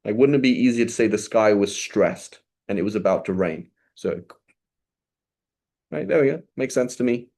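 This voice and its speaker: A man's voice: fairly low pitch, animated, moderate pace, a little mellow. A man teaching Arabic grammar to a small group over a video call, explaining step by step and checking in with a frequent "right?".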